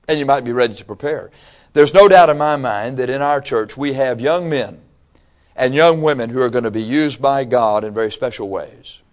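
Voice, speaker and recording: A man from Michigan delivering a church sermon. He preaches in a folksy, animated way, mixing joking asides with earnest teaching. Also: mid-range voice, normal speed. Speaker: pastor.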